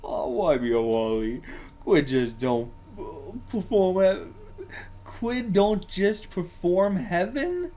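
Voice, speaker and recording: A man voicing a gruff, boozy London tavern keeper with an attempted British accent, reading the lines haltingly and stumbling over the slang. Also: high voice, sing-song, mellow, voice pushed up, exaggerated voice. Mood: grumbling.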